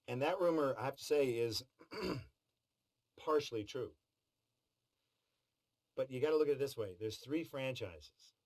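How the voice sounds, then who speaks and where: A middle-aged voice actor, medium-pitched with a darkish tone, talks about voice work in a behind-the-scenes interview, wry and joking. The audio quality is poor.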